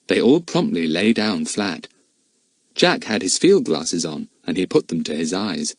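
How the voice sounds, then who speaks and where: A man narrating a children's adventure audiobook in a lively, expressive way. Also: low-pitched, unhurried, no room sound.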